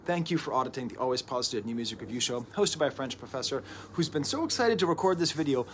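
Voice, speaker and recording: A mid-pitched man in his thirties talks through an album review in a loose, digressive way, doubling back and tacking on asides. He's recording at home early in the day. A faint hiss sits underneath his voice. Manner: chatty and digressive, with frequent restarts and asides. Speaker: host of a music review show. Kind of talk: casual spoken record review.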